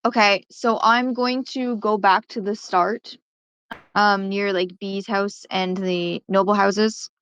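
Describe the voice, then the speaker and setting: Smooth-voiced woman player, slightly muffled. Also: mid-range voice, steady tone, slow, fairly bright tone, dry recording. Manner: hesitant, many fillers. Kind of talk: casual tabletop play. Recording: slightly muffled home mic.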